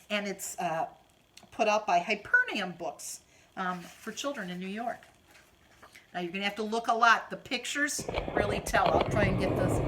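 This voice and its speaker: Brief: a woman reading a picture book to kids, gentle and sing-song, mid pitch. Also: a little hiss or hum. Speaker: children's storyteller.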